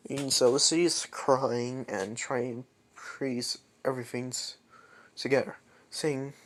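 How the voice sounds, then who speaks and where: A man's voice: mid-range voice, steady tone, takes it slowly. A young man improvising a fan story aloud, rambling with many restarts.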